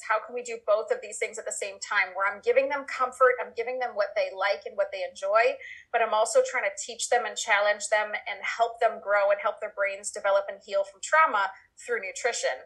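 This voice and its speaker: A woman's voice: mid-range voice, steady tone, brisk, bright, forceful tone, low-quality recording. A middle-aged woman answering interview questions as an expert guest, thoughtful and explaining through long everyday examples. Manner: thoughtful, talks in long examples with acted quotes.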